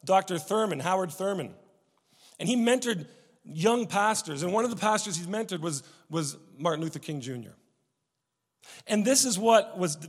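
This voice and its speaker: A man preaching a sermon, telling stories with many restarts and swings from loud emphasis to hushed tones. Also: high voice, long reverb tail. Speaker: pastor.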